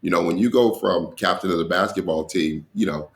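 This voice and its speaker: A middle-aged man from Colorado, a stand-up comedian, telling lively stories as a guest in a casual interview and acting out the lines of the people in them. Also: sits low, fairly quick, gravelly. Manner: animated storyteller who acts out other people's lines.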